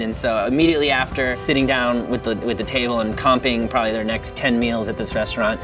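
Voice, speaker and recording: A male comedian telling a story with crude, animated delivery and lots of profanity. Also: medium pitch, a little fast, hardly any pauses, distant mic, over music. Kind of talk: stand-up storytelling.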